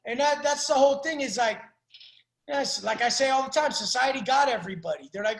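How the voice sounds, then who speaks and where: A man's voice: very high voice, lively intonation, fairly quick, vocal fry, a bit bright, roomy sound. A man coaching a caller in a blunt, profane, preachy way. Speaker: life coach. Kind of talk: coaching call.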